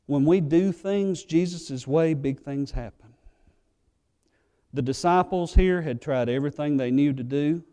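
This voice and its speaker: Male pastor delivering a sermon in a high voice, fervent and then hushed, with a long hall reverb. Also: unhurried, clean tone. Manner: swings from fervent loud pleading to quiet earnest low tones.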